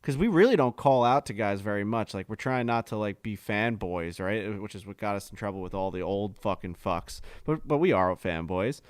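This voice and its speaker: A man's voice: fairly low pitch, expressive, normal speed, few pauses, clear, resonant tone, dry recording. A man co-hosting a podcast, telling stories in a rambling, profane, casual way. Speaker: podcast co-host. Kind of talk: casual chat.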